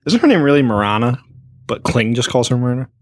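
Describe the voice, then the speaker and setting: A man's voice: medium pitch, very animated, a little fast. Male podcast co-host, mid-range voice, dry and profane sidekick energy. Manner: wry, profane quips. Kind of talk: casual chat recapping a horror episode.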